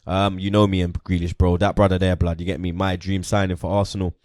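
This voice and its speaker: A man's voice: deep voice, little pitch movement, quick pace, a little mellow, dry recording, clean studio sound. A young man chatting casually about football as host, peppering his talk with slang like "you get me" and "blood".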